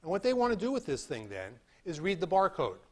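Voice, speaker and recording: Lively man lecturing on physics. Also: high voice, a little fast. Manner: animated, acts out beeping sounds and demonstrates with props. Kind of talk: classroom lecture. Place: lecture hall.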